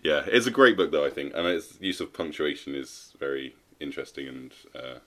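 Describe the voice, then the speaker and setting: A man's voice: a bass voice, expressive, brisk, bright, forceful tone. A young man co-hosting a podcast, hungover and drinking, chatting casually and laughing often. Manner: laughs a lot, loose drinking banter. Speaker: podcast co-host. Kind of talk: casual chat.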